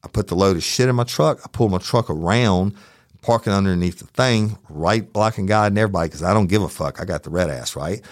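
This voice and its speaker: A man's voice: deep voice, brisk, no room sound, clean studio sound. A middle-aged man, hosting a true crime podcast and telling a story in a heated, profane way. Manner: profane, heated, animated retelling. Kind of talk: storytelling, casual monologue.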